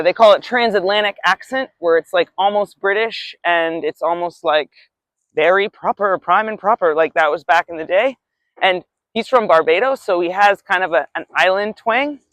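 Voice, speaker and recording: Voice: mid-range voice, a bit bright, no echo. A spiritual vlogger musing casually at a beach, rambling and reflective, with the odd swear word.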